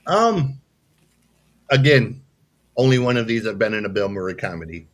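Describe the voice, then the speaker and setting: A man's voice: fairly low pitch, sing-song, normal speed. A man co-hosting a casual podcast, offhand and often laughing. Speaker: podcast co-host.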